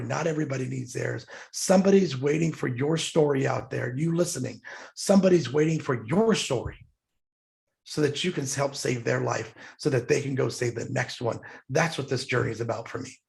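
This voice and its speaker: A man's voice: medium pitch, creaky. A middle-aged man, a podcast guest, telling a personal story in an earnest, heartfelt way, getting emotional as he speaks.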